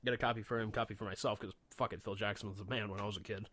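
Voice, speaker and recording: A man's voice: fairly low pitch, fairly even intonation, rapid-fire, a bit bright, dry recording. A man co-hosting a radio show, telling a long story in a casual, rambling way, with frequent swearing and fillers.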